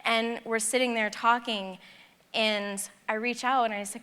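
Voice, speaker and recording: Bright-voiced woman telling a story in a hall. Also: on the high side, unhurried, clean tone. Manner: animated, acts out dialogue in her stories. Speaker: conference speaker. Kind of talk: personal storytelling talk. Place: large conference hall. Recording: long hall reverb.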